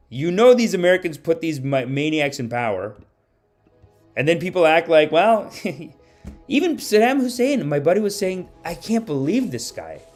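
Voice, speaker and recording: A man's voice: on the high side, darkish tone. A man hosting a comedy live stream, ranting casually in a rambling, profane way into a home mic.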